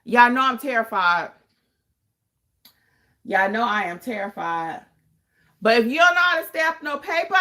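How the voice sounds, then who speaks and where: A podcast host and notary trainer answers viewer questions on a livestream, her voice a little high and bright with lively intonation and a forceful edge. She speaks at a moderate pace with long pauses, emphatically repeating points to drive them home.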